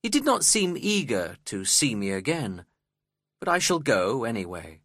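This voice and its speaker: Man, audiobook narrator, measured first-person storytelling, expressive, dry close recording. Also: medium pitch, slightly rough, dry recording.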